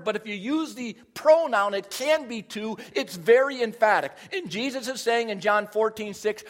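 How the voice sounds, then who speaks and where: A man's voice: high-pitched, animated, moderate pace, hardly any pauses. A middle-aged man preaching a sermon, explaining scripture and rising in force on key phrases. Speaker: pastor.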